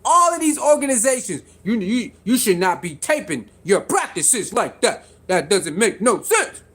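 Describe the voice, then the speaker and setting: Vlogger with a mid-range pitch riffing to camera in an animated, repetitive style, quizzing viewers and laughing between points. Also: normal speed, slightly rough. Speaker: sports commentary vlogger. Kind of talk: casual commentary to camera.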